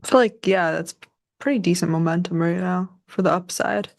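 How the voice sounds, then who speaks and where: A woman co-hosting a live trading show, easygoing and quick to laugh. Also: on the low side, gravelly. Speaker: co-host. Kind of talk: casual trading chat.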